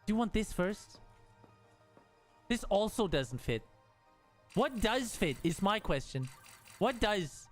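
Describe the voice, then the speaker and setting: A man's voice: high-pitched, very animated, slow pace, pauses often, faint music behind. A man streaming a game, talking casually to himself and the game, frustrated and joking as he builds. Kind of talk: casual gameplay commentary.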